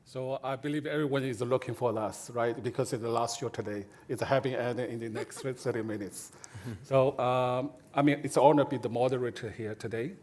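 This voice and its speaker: Halting man moderating a panel. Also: mid-range voice, fairly even intonation, darkish tone. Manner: halting, restarts words, plain phrasing. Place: conference stage.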